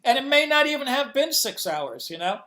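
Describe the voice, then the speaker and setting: A man guest in an interview on a video call, answering in a halting way with many restarts as he searches for words. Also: extremely high pitch, sing-song, bright, forceful tone. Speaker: comics inker, guest.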